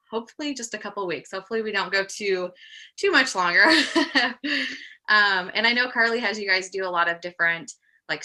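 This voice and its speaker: Low-ish very bright woman on a zoom call, 30s, kinda out of breath, chatty with lots of ums. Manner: chatty, upbeat, frequent ums and laughs. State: slightly out of breath from pregnancy. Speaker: guest presenter, project manager. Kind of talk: casual webinar presentation. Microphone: computer mic on a video call.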